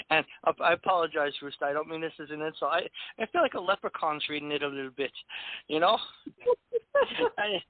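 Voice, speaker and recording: A man's voice: fairly high pitch, a little fast, no echo. Host type, rambling male talker, dry phone-line sound. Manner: rambling, many restarts and "you know". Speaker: host of a poetry radio show. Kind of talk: casual chat.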